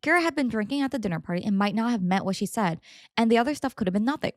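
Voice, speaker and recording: A young adult woman hosting a podcast, reading stories aloud and reacting with animated, indignant, dramatic commentary. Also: on the high side, rapid-fire, no room sound, studio quality. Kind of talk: casual story reading and commentary.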